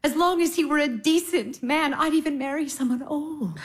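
An actress playing a gentle elder sister who consoles her sibling in a soothing, soft voice that at times drops to a whisper. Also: sits high, moderate pace, close to an everyday voice. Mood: gentle advice. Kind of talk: stage drama acting.

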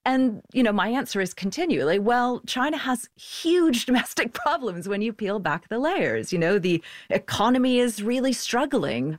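A woman guest commentator, talking through her points in a thoughtful, measured way on a podcast. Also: medium pitch, no room sound, clean studio sound. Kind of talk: podcast discussion.

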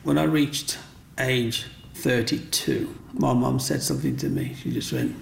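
A man's voice: medium pitch, a little slow. A man, interviewed about his sculpting, telling his life story and acting out the voices of the people in it. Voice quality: gravelly. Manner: animated, acts out other people's voices. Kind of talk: personal storytelling. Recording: roomy echo.

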